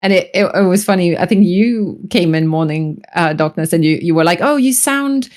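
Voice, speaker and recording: Chatty woman with a low voice. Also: flat delivery, brisk, darkish tone. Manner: chatty, laughs often, hesitant restarts. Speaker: podcast guest. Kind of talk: casual podcast chat.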